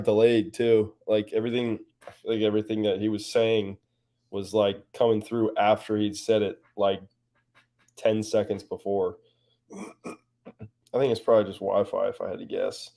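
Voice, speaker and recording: Guy guesting on a stream, lowish voice, reads chat, jokes and laughs a lot. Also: fairly even intonation, a little slow, long pauses, warm tone. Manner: laughs often, easygoing and joking. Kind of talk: casual livestream chat, reading viewer comments.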